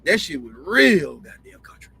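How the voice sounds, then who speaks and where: This man hosts his own show and spins casual stories in a Southern country drawl, swearing, wandering off track and saying things twice. He sits high in his range with a sing-song, creaky, sharp and slightly rough voice at a moderate pace.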